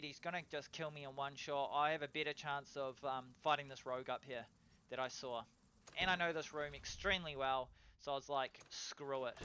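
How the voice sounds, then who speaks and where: A man narrating his own gameplay in a casual voiceover, excitable and swearing, breaking into loud cheers over kills. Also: on the high side, clear, resonant tone. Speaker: gameplay commentator.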